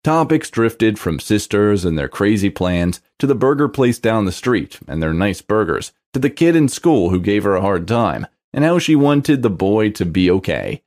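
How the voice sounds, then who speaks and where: A man reading a romance story aloud in scripted narration, with an expressive delivery. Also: fairly low pitch, normal speed, few pauses.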